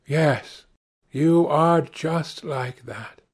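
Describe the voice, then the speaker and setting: A man's voice: fairly high pitch, drawn-out words, husky, voice pushed up, heavily acted. A man voicing an anxious, earnest painter who pleads sorrowfully. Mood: pleading.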